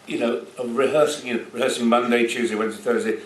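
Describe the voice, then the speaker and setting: A man's voice: medium pitch, steady tone, quick pace, slight background noise. Older man in an echoey hall. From Yorkshire, England. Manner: chatty, jokey storyteller. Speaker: actor guest. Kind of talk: anecdotal panel chat. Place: cinema stage Q&A. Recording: echoey hall, picked up from far.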